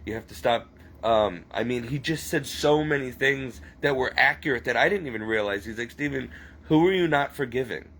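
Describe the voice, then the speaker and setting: A man rambling through an emotional personal confession, halting and near tears as he speaks. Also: mid-range voice, fairly bright tone, poor audio.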